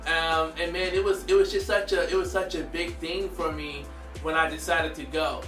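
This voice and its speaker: High, bright-voiced man telling stories. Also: normal speed, reverberant, distant mic, soft background music. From United States. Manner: animated, slangy, laughing often. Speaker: vlogger. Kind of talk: casual storytelling.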